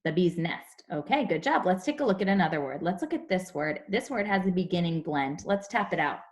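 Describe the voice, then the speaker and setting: A young woman teaching a phonics lesson to young children over a video call, explaining slowly and clearly. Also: fairly low pitch, animated. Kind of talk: online class phonics lesson.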